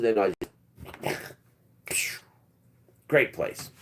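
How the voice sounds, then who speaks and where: A man's voice: on the low side, a little slow, long pauses. A man hosting a live stream, telling a long personal story in a rambling, blunt, earthy way.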